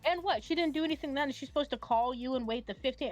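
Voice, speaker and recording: A woman chatting on a stream as a guest, heated and animated, swearing when annoyed. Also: high voice, quick pace, hardly any pauses, soft background music, low-quality recording. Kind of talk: casual chat.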